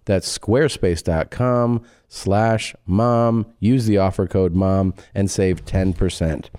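Man, podcast ad read, low voice, mellow tone, jokey and offhand. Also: steady tone, slow, clear, resonant tone, no echo, studio quality. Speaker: podcast co-host reading ads. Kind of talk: casual ad read.

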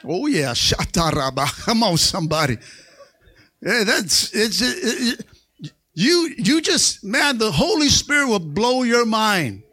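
A man preaching a Pentecostal sermon in a church. He calls for amens and rises to excited shouts. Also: high voice, slow. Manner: call-and-response preaching, asks for amens. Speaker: pastor. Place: church sanctuary.

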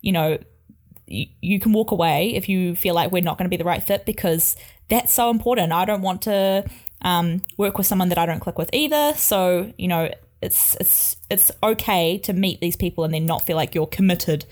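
Young woman, chatty photographer, lowish voice, loose fillers. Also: moderate pace, a little mellow. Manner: chatty, many fillers and laughs. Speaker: wedding photographer. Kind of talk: casual podcast chat.

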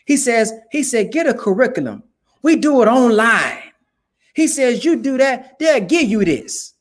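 A young man giving emphatic, preachy commentary in casual, colloquial talk. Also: high voice. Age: young adult. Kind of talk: casual direct-to-camera commentary.

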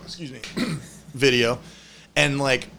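A man in casual chat, swearing freely and full of slang as he lays out event plans. His voice sits at a middling pitch. A faint hiss of noise runs underneath. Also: takes it slowly, gravelly, pushed and bright. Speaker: event organizer.

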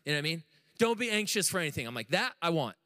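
American man preaching, high voice, bright tone, animated and jokey. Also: very fast, big-room sound. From United States. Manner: animated, jokey storytelling to a live congregation. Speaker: pastor. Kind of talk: sermon. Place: church room with audience.

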